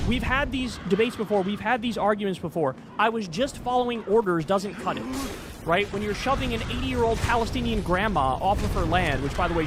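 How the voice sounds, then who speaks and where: Fired-up, swearing male commentator, high voice. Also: noisy background. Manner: impassioned, profane, emphatic. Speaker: political commentator. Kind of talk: online political rant. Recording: loud background music. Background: loud music.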